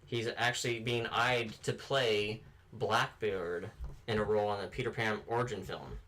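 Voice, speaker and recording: A man's voice: on the low side, fairly even intonation, moderate pace, sharp tone. A man hosting a movie podcast, reading out film news with casual asides and fillers. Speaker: podcast host.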